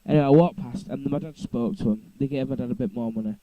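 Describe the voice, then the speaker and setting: Young guy rambling on, keeps correcting himself, super mellow dark voice. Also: mid-range voice, fast, no room sound, dull audio. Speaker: vlogger. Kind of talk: casual storytelling. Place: indoors at home.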